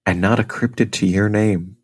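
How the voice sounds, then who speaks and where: A man's voice: lowish voice, fairly even intonation, moderate pace, slightly rough. A man from Ohio co-hosting a casual podcast, reading out notes and teasing his co-host with mock indignation.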